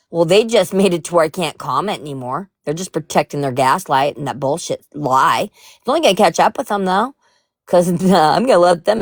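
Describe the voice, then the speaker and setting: A woman's voice: sits low, no room sound, clean studio sound. A woman chatting casually on a live stream, blunt and joking, swearing freely. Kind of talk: casual chat.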